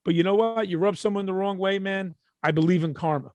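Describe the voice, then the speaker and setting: A middle-aged man with a Brooklyn accent, co-hosting a podcast and telling stories in a casual, profane, animated way. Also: high voice, fast talker, no echo. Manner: animated, profane, acts out quotes. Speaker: podcast co-host. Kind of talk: casual storytelling.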